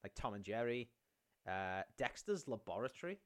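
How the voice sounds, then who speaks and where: A man telling stories in casual podcast chat, animated and swearing a lot, acting out scenes. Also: mid-range voice, normal speed. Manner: animated storytelling, swears often, acts out scenes. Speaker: podcast co-host.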